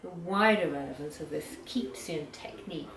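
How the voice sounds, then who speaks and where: Woman lecturer, measured academic delivery, lowish voice, distant mic in a roomy hall with audience. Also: creaky, crowd noise. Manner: measured, reads poems aloud slowly.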